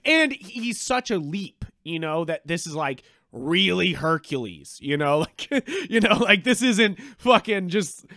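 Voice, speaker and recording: Male podcast co-host, high bright voice, very lively delivery, dry close sound, casual and profane. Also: a little slow, few pauses, no echo. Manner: animated, swears freely, acts out reactions in quotes. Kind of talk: casual movie review chat.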